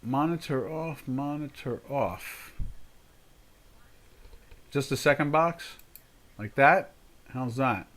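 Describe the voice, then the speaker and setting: An older man hosts a live trading stream, chatting casually and thinking out loud while he adjusts settings. His voice is medium in pitch and a bit bright, and he talks slowly with long pauses.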